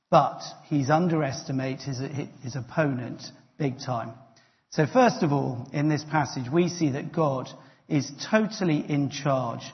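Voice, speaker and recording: A man preaching a sermon in a conversational, lightly humorous way. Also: fairly high pitch. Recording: dull sound with long hall reverb.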